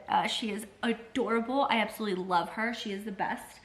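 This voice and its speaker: A woman book vlogger chatting casually and excitably to camera, full of "like" fillers and the odd swear word. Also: medium pitch, fairly quick, few pauses. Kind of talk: casual vlog chat.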